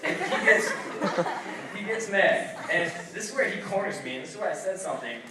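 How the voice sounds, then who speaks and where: A young man performing a stand-up set, telling a story and acting out voices with loud outbursts. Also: sits high, expressive, fairly quick. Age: young adult. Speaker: stand-up comedian. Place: comedy night venue, audience laughing. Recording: echoey room, distant mic, noisy.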